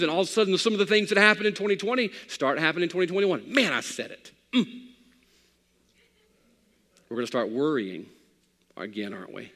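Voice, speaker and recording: A man preaching a sermon as pastor, swinging between loud passages and hushed ones. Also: medium pitch, brisk, long pauses, big-room sound.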